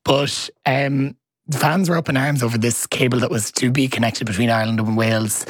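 Male podcast co-host, slightly husky, casual and halting, close dry sound. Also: medium pitch, fairly even intonation, dry recording. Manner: rambling, hesitant, self-correcting. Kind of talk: casual chat.

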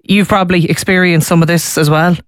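A woman with a Donegal accent hosting a radio discussion, talking with hesitant restarts and quick asides. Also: fairly low pitch, fairly even intonation, no echo, clean studio sound. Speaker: radio show host.

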